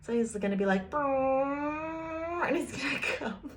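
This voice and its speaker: A woman's voice: on the high side, brisk, slight background noise. A woman giving a casual tarot card reading, chatty and playful, talking straight to the viewer with frequent giggles. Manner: speaks directly to the viewer, teasing. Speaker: tarot reader.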